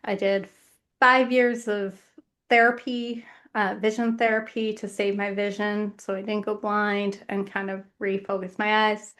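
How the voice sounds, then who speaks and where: Woman author guest on a podcast, earnest and measured, talks in short phrases. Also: medium pitch, flat delivery, fairly bright tone. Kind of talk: reflective podcast conversation.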